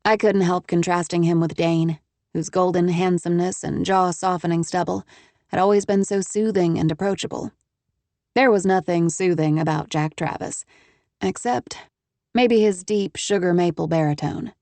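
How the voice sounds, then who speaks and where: A woman narrating a first-person romance audiobook with crisp, measured storytelling. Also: fairly low pitch, fairly even intonation, dark tone, no echo.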